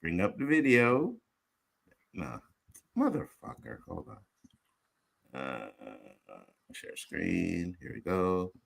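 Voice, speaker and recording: Bright-voiced male panel show host. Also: deep voice, sing-song, slow pace, creaky, long pauses. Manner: loose, laughing, cursing, talks to viewers. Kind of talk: casual panel chat.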